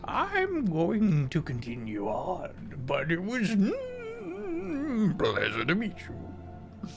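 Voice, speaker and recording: A man voicing a sly old male tree-like fey shepherd who trades in memories, in a high put-on voice. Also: wildly swooping pitch, very slow, gravelly, music in the background, exaggerated voice. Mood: gentle.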